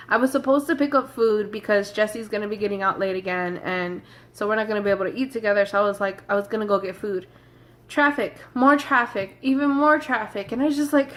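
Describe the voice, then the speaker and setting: A young woman telling a storytime vlog in a chatty, rushed way, talking straight to her viewers. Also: mid-range voice, fairly bright tone. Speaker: vlogger.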